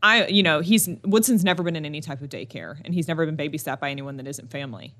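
A young woman talks on a podcast with a bright, clear voice. She tells stories in an animated way, full of laughter and little asides. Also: sits low, fast. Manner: animated storytelling with lots of laughing and "like". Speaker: podcast co-host. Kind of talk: casual chat.

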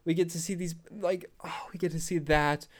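A young man hosting a fan podcast, gushing with breathless, excited commentary and frequent outbursts. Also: a little high, moderate pace. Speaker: podcast host.

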